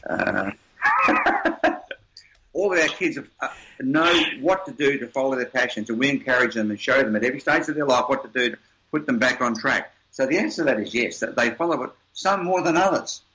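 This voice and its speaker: An older man speaks in a forceful, bright voice as he tells stories in an interview. He hammers his points with emphasis and often repeats words as he builds toward a lesson. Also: medium pitch, lively intonation, fast, a little hiss or hum, poor audio. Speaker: interview guest, seminar presenter. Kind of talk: storytelling conversation.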